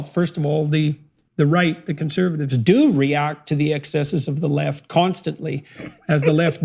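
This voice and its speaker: A man hosting an interview clip, talking in halting phrases that restart often. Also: a little high, creaky, a little mellow. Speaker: podcast interviewer.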